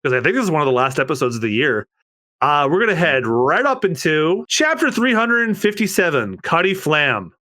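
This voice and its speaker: A man co-hosting a manga readthrough podcast, talking casually in a relaxed, rambling way. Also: on the high side, brisk. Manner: relaxed, rambling, lots of fillers. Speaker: podcast co-host. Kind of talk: casual chat and manga read-aloud.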